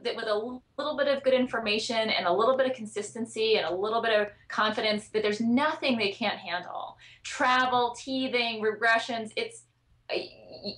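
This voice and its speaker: A woman's voice: fairly high pitch, fairly bright tone. Chatty woman guest, earnest. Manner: earnest, chatty, frequent fillers and restarts. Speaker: guest expert on child sleep. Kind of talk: podcast interview.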